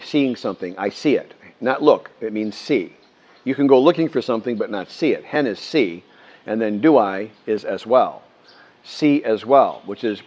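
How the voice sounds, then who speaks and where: An older man from the United States talking casually to camera, rambling with many restarts and lively quoted voices. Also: lowish voice. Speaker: vlogger. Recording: muffled lo-fi sound.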